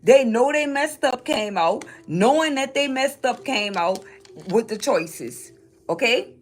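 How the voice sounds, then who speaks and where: A tarot reader from New Orleans, Louisiana, shuffles her cards while doing a reading for her viewers, speaking slowly in a fairly high, animated voice over a slight hiss or hum. She's emphatic, repeats her lines, and keeps checking in with "okay?"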